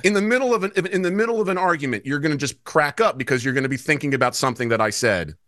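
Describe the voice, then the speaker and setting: A man's voice: on the high side, animated, racing, a bit bright. A man hosting a podcast in casual, joking banter with his guests. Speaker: podcast host. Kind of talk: casual chat.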